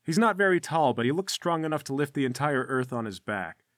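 A man's voice: fairly high pitch, animated, brisk, dry recording, studio quality. A man narrating a tabletop game as game master with vivid, playful scene descriptions.

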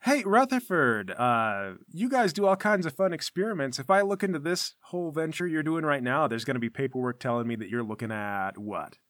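A man's voice: on the high side, lively intonation, brisk, hardly any pauses, fairly bright tone, no room sound, studio quality. A man voicing a brash, fake-jovial male guild armsman who talks down to people in a smug, teasing way.

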